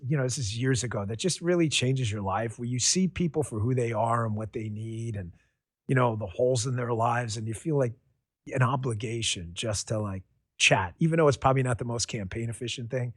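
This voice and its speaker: A man's voice: mid-range voice, husky, dry recording. Man hosting a talk show, dry sound. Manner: relaxed, rambling, frequent fillers and restarts. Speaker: podcast host. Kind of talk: conversational interview storytelling.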